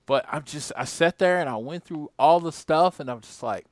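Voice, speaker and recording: A man's voice: a little high, moderate pace, no echo, studio quality. A man hosting a podcast, talking in a loose, rambling, conversational way. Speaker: podcast host. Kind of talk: casual podcast chat.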